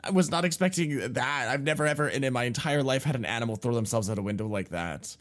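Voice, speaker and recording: A man co-hosting a podcast, telling a story in a casual, rambling way full of fillers and swearing, and getting loud and animated when he recalls the shock. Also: medium pitch, quick pace. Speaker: podcast co-host.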